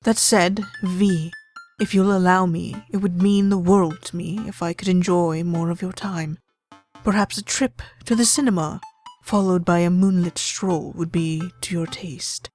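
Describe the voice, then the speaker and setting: A woman voicing a dramatic, formal gothic man reading a flowery love letter in a game let's play, slow and theatrical. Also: fairly low pitch, steady tone, darkish tone, soft background music, natural voice. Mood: earnest, courtly.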